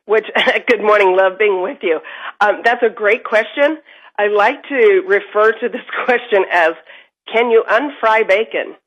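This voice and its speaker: A woman's voice: medium pitch, a little slow. Upbeat woman advising over a dull line. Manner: emphatic, upbeat advice-giving. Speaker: parenting guest. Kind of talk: remote guest on morning TV chat. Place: Dallas. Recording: lo-fi remote line.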